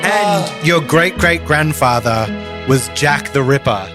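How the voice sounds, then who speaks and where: Male podcast host, high voice, playful teasing banter, music under. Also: lively intonation, slow pace. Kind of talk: casual banter.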